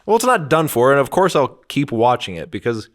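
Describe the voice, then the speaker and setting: A man's voice: mid-range voice, big pitch swings, fairly quick. A man co-hosting a casual comedy podcast, laughing often and joking around. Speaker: podcast co-host.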